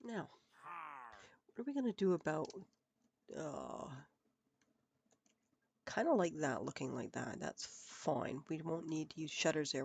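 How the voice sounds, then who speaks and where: A woman's voice: low-pitched, expressive, measured pace, creaky, pauses often, a little hiss or hum. A woman streaming a building game, chatting and muttering to herself as she works, her nose stuffed up from a cold. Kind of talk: casual live gameplay commentary.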